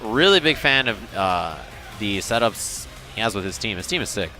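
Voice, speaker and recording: Male esports caster, animated pitch, joking banter, loud music behind at the venue. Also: moderate pace. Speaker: esports commentator. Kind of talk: live fighting game commentary.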